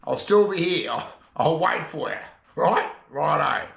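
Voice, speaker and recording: Talking to camera in a shed, an Australian man rambles through jokes in a chatty, casual vlog. His voice is on the high side, expressive and fairly bright with vocal fry, delivered at a measured pace in a reverberant space.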